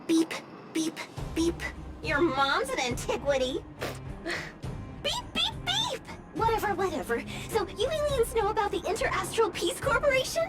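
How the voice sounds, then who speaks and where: A woman's voice: extremely high pitch, big pitch swings, moderate pace. A woman voicing a cheeky little robot object finder in a video game, chirping beeps and sassy announcements. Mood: chirpy. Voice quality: says "beep" aloud between lines. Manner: sassy, cheerful, singsong announcements. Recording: game audio with background music.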